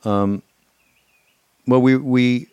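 A man co-hosting a podcast, talking in a relaxed and rambling way. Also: mid-range voice, very slow, clear, resonant tone, dry recording, dull audio. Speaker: podcast co-host. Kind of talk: casual conversation.

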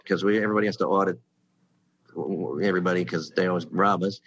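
A man with a slightly low voice tells show-business stories in an easy, chatty way. He jumps into the voices of the people he quotes, getting louder and higher for the punchlines. He sounds middle-aged and relaxed. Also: quick pace, slightly rough, dull audio. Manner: animated storyteller who acts out quoted people. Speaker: sitcom writer guest. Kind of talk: casual anecdote telling.

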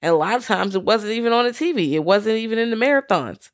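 A woman's voice: fairly high pitch, lively intonation, fast talker. A woman co-hosting a casual horror movie chat, emphatic and defiant. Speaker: podcast co-host.

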